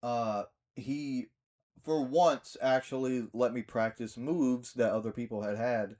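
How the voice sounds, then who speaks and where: A young man who wrestles in his backyard delivers a ranting vlog about a match finish, his medium-pitched voice steady, slow and darkish. Along the way he swears and mockingly acts out what went down.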